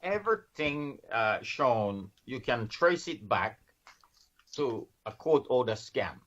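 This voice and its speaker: A man in financial services, guesting on a podcast, speaks slowly in a mid-range, fairly bright voice with big pitch swings. His casual interview talk is earnest and explanatory, with frequent restarts of his sentences, on a dull lo-fi recording.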